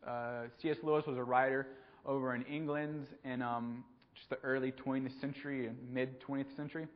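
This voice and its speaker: A man preaching a conversational sermon, pausing often with ums and repeating words as he goes. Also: medium pitch, little pitch movement. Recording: dull lo-fi recording.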